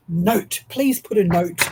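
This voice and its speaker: An Australian woman hosting a casual livestream, excitable and breathless with frequent sighs. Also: medium pitch, background noise. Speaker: livestream host.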